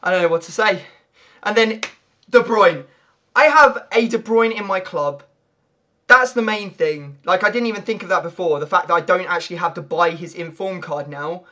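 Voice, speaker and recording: A young man, giving excitable pack-opening commentary on a video game, breaking into loud shouts and laughter. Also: sits high, normal speed. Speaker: gaming video creator.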